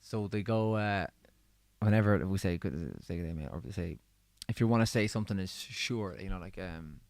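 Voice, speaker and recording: A man with a low, darkish voice talks at a moderate pace, with no echo, as he hosts a livestream as a musician. Between songs he chats easily with viewers and reads out their comments, his voice a bit worn from singing.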